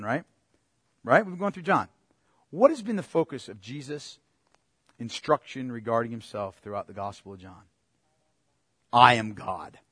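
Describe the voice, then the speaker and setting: A man delivering a teaching sermon in a loose, conversational manner, pausing often to check that his listeners are following. His delivery jumps from loud emphatic bursts to soft asides. The sound is dry and close. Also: mid-range voice, breathy edge, dry recording. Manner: animated swings from loud to quiet. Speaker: pastor.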